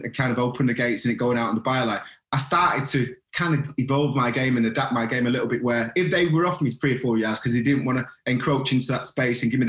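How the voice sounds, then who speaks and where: A man's voice: mid-range voice, a bit bright. A man from England, a former footballer, chatting casually as a podcast guest, rambling and restarting his sentences. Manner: rambling, restarts, says "listen". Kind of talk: casual chat. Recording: roomy echo.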